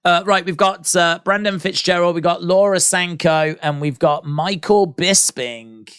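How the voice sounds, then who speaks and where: A man's voice: high-pitched, measured pace, a bit bright, smooth, no room sound, studio quality. A British man hosting a casual live stream, musing aloud, reading out viewer comments and poking fun at himself. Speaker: livestream watch-along host.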